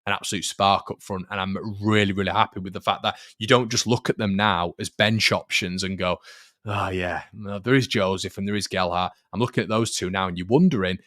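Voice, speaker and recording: A man hosts a football fan live stream in a loose, conversational way, often repeating himself and answering viewers' comments as they come in. His voice sits low. It is recorded close and dry, with no room sound. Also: steady tone, fairly quick, a bit bright, no room sound. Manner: chatty, repeats phrases, reads viewer comments. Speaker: fan channel host.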